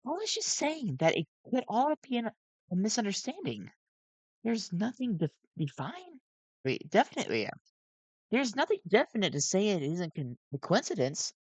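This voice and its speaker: A man voicing a gentle, nervous robot daycare attendant who speaks softly and formally. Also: high voice, huge pitch swings, moderate pace, no room sound, pitched above the performer's own voice, full character voice, low-quality recording. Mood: reassuring. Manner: soft, hesitant, formal.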